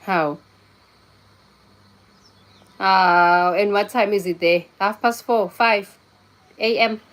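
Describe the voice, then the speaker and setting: Young woman on a phone livestream, slow drawn-out talk, blunt and scolding with chat. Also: medium pitch. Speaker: livestream host. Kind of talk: casual live-stream chat with viewers.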